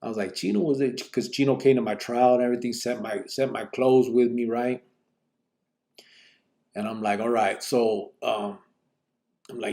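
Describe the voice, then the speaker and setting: Gravelly laid-back man. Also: mid-range voice, normal speed, darkish tone. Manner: laid-back street slang, quotes others in a raised voice. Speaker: channel host telling his life story. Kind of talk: casual storytelling to a live audience.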